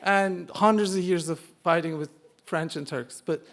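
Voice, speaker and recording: High-voiced Turkish man telling a funny story. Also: normal speed, fairly bright tone. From Turkey. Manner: humorous, self-mocking, builds to punchlines. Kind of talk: live personal storytelling. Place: live stage before an audience.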